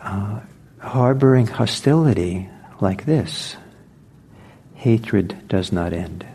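A man giving a dharma talk as a meditation teacher, reflective and unhurried, pausing often and restarting his sentences. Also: fairly low pitch, lively intonation, dark tone, husky. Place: meditation center.

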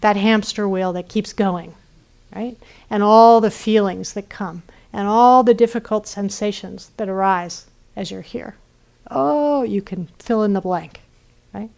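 Gentle woman giving a dharma talk. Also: medium pitch, a little slow, vocal fry. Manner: gentle, often checks in with "right?", trails off softly. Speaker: meditation teacher. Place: retreat center.

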